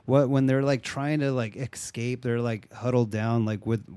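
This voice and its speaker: A young man recapping a movie in casual chat, excited and profane, acting out scenes in silly voices. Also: mid-range voice, moderate pace, clear, resonant tone, no echo.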